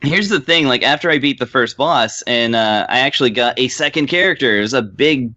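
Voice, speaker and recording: A man co-hosting a casual podcast, rambling through a game review with plenty of fillers and small laughs. His voice sits at a middling pitch. The sound is dry and a little dull, like a modest home setup. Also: a little fast, bright, forceful tone, dry recording. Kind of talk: casual chat.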